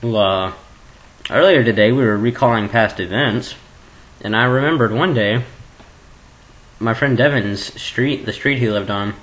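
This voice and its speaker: A man's voice: medium pitch, unhurried, pauses often, fairly bright tone, low-quality recording. A teenage boy chatting casually at home into his webcam, rambling and joking and prone to giggling. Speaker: vlogger.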